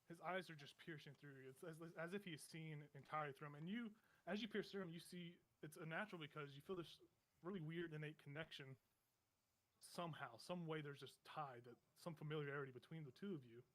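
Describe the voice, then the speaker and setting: A man's voice: fairly high pitch, fast, a bit bright. A man narrating a tabletop game as game master, describing scenes vividly in a meandering way full of fillers.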